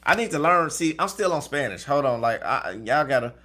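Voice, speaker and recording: A man's voice: a little high, lively intonation, fairly quick, bright, forceful tone. A man who reads tarot, chatting casually with his viewers, often asking "okay?" and laughing at his own stumbles. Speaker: tarot reader. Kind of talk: casual livestream chat.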